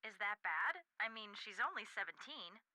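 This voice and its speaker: A woman's voice: medium pitch, very animated, normal speed, pushed and bright. A woman voicing a chatty, lighthearted teenage girl in a mystery video game, with a perky, playful delivery. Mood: cheerful.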